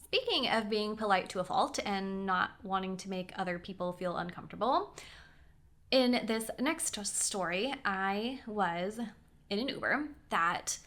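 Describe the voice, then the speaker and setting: A young woman chats straight to camera with a bright, clear voice. She tells personal stories in an animated way. She keeps breaking off for asides and acts out what people said. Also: mid-range voice, a little slow. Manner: chatty, animated storytelling with quoted voices and asides. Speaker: vlogger. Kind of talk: casual storytelling.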